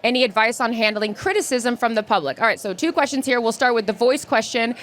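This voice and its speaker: Chatty fast-talking woman co-host. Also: fairly high pitch, a bit bright. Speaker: podcast co-host. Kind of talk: live podcast advice Q&A. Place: live stage event.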